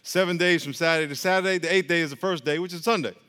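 A male pastor with a fairly high voice preaches in a loose, joking way. He asks the congregation to call back to him and keeps it conversational. His voice carries the long echo of a large church hall. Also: racing, sharp tone. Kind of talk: sermon.

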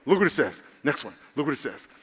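A man preaching a sermon as a pastor, animated and calling for amens, his voice rising to excited shouts. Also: medium pitch, fast, slightly rough. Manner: calls for amens from the congregation. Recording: long hall reverb.

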